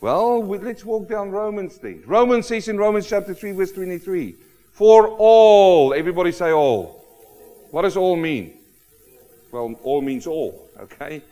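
A man preaching a sermon, emphatic and animated, often asking rhetorical questions of the congregation. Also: sits high, normal speed. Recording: long hall reverb.

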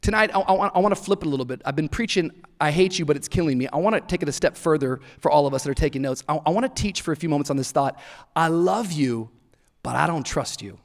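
A man in his thirties preaching a sermon in a church, an animated storyteller who acts out voices and laughs often. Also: fairly high pitch, fast. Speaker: pastor. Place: church auditorium. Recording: large hall reverb.

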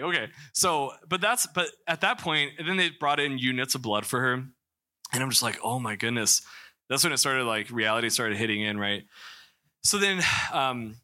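Young male preacher from Missouri, candid testimony, very bright tense voice, frequent restarts. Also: medium pitch. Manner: candid storytelling with many restarts and fillers. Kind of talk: personal testimony in a church talk.

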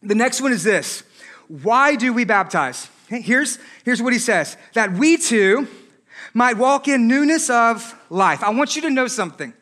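A married man preaching a sermon as pastor, animated, with joking asides and rhetorical questions. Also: very high voice, a little slow. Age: adult, married.

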